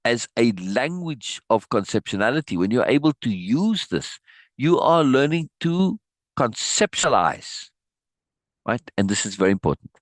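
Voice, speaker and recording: A man hosting a live reading of a book, breaking off for animated, laughing asides with halting restarts. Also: medium pitch, no room sound. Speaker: host reading a book aloud. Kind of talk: live-stream reading with commentary.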